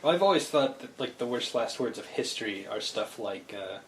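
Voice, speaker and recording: A man's voice: medium pitch, expressive, normal speed, a bit bright, a little hiss or hum. A man co-hosting a podcast, chatting casually and rambling with enthusiasm, often restarting his thoughts. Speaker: podcast co-host. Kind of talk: casual chat. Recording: echoey room with faint ambience.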